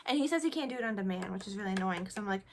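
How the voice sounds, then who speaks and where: Talking very fast and with plenty of animation, this young woman has a medium-pitched voice set against background noise. She's a beauty vlogger chatting through a casual makeup tutorial, making self-deprecating jokes as she applies products.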